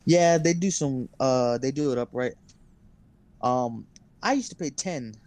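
Speaking a little slowly with a mid-range, slightly mellow voice, a young co-host tells long stories on a podcast. The chat is casual and meandering, full of fillers and frequent cursing.

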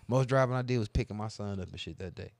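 A man on a casual talk show, telling crude, boastful stories in a profane, animated way. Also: fairly low pitch, quick pace, dry recording. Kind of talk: casual storytelling chat.

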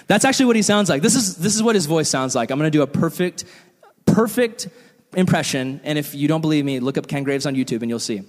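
A man preaching a sermon in a church hall with animated, comic storytelling. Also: fairly high pitch, moderate pace. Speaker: pastor. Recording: long hall reverb.

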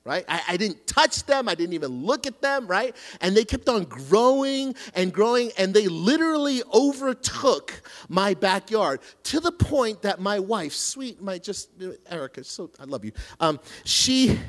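Male pastor, middle-aged, high and very lively voice, animated storyteller who stumbles and restarts. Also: a little slow, few pauses. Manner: animated, self-deprecating storytelling with many restarts. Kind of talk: sermon.

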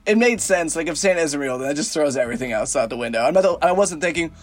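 Teasing man with a lively, bouncing voice. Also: on the high side, quick pace. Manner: teasing, argumentative banter. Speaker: podcast co-host. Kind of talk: casual chat.

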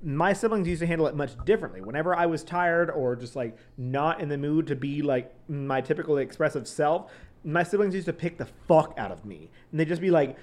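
A man co-hosting a casual recap chat, talking in an animated, profane way and acting out quotes. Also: fairly high pitch, fairly quick. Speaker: podcast co-host.

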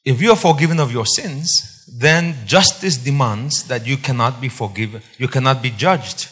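Male pastor, husky voice, emphatic sermon delivery with repetition and questions to the congregation, long hall reverb. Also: mid-range voice, normal speed, fairly bright tone. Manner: emphatic, repeats key points, quizzes the congregation.

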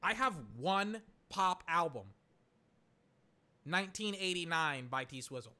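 A man chatting casually and excitably, rambling, swearing and exclaiming, his voice cracking. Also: high voice, measured pace. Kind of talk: casual chat.

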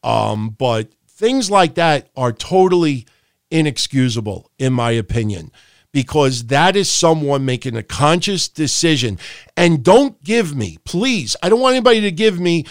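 A wrestling podcast host rants profanely and animatedly, doing mocking impressions of other people. His voice is a little high, very animated, and a little slow. The sound is studio quality with no echo.

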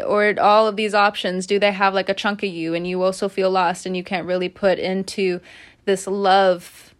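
A woman giving a casual spoken tarot reading, chatty and animated, often breaking into laughter, recorded indoors at home. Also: on the low side. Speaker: tarot reader.

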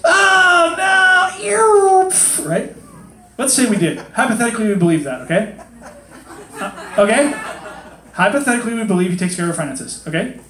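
A man's voice: high-pitched, expressive, fast, pauses often. A man in his thirties giving a casual, joking sermon, acting out quoted voices as he talks. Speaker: preacher. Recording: echoey hall.

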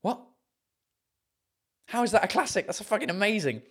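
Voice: expressive, a bit bright, slightly rough. Giggly podcast host reading listener messages. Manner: giggly and amused, bursts of high laughter, casual swearing; mixes in French and German words, sounding them out slowly.

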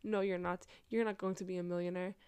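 A woman's voice: lowish voice, level tone, quick pace, a little mellow, smooth, natural voice. A woman voicing a cocky young man who insists he will be rich, in a boastful tone while she tells a story. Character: cocky young man bragging about money.

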